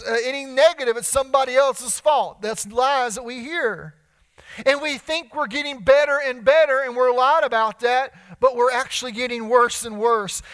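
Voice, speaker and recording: A man's voice: very high voice, fairly bright tone. A young man preaching a sermon as pastor, pleading and building in intensity. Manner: preaching with rising intensity and repeated pleas.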